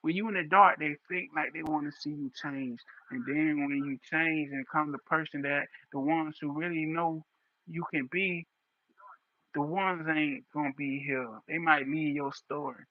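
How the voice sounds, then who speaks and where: A man's voice: fairly high pitch, fairly even intonation, normal speed. Raw, impassioned young man, lo-fi stream. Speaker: livestreamer. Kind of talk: emotional livestream monologue. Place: livestream setup.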